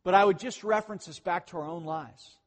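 A man preaching a sermon in a conversational way, swinging between loud emphatic lines and quiet asides. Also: sits high, brisk. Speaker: pastor.

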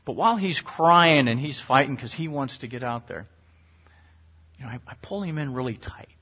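The pastor, a middle-aged man, speaks in an animated, husky, medium-pitched voice at a moderate pace. His earnest, conversational sermon occasionally climbs sharply for emphasis, captured on a dull lo-fi recording.

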